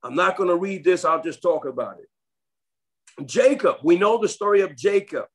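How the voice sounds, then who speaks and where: A man's voice: sits high, lively intonation, normal speed, breathy edge. A man preaching a sermon, reading scripture aloud and breaking in with emphatic comments, repeating phrases for stress. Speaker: pastor.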